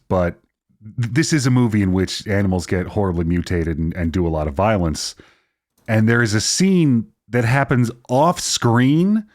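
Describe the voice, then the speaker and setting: A man co-hosting a casual movie podcast, telling stories in an animated way and swearing casually. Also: fairly low pitch, no room sound, clean studio sound. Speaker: podcast co-host.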